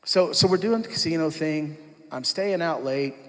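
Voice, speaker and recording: A man's voice: on the high side, moderate pace. A man, likely in his thirties, telling his personal testimony in a conversational storytelling way, with restarts and asides. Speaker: speaker giving a testimony. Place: church hall. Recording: long reverb of a large hall.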